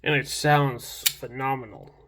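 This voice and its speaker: A man's voice: mid-range voice, unhurried, fairly bright tone. A young man casually reviewing a knife in a rambling, enthusiastic vlog, full of restarts and fillers.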